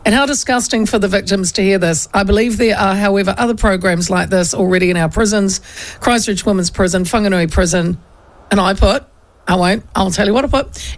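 NZ woman radio host, chatty, quick to laugh, mid-pitched studio voice. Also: rough recording. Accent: New Zealand. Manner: chatty, laughs often, animated. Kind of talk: casual talk radio chat.

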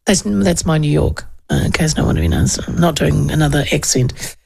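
A woman's voice: low-pitched, big pitch swings, fairly quick, gravelly, darkish tone, husky. A middle-aged woman hosting a talk show, chatting casually and telling rambling anecdotes with plenty of restarts and asides.

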